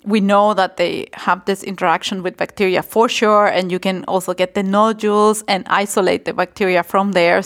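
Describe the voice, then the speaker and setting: A young woman researcher speaks as a guest in a relaxed podcast chat. She sounds enthusiastic, restarting phrases and chuckling between them, in a mid-pitched voice. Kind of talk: casual podcast interview.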